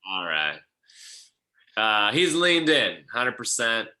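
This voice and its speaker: A man in a casual podcast chat, talking haltingly with many restarts. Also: mid-range voice, sing-song, bright, forceful tone.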